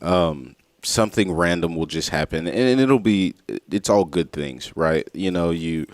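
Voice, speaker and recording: A man's voice: low-pitched, lively intonation, measured pace, no room sound. A man co-hosting a morning talk show, easygoing and rambling, laughing often. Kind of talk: casual chat.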